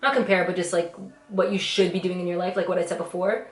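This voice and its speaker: Speaking quickly at a fairly low pitch, a YouTuber in her twenties rambles reflectively during a get-ready-with-me vlog, full of "like" and "you know." The camera mic catches the echo of the room.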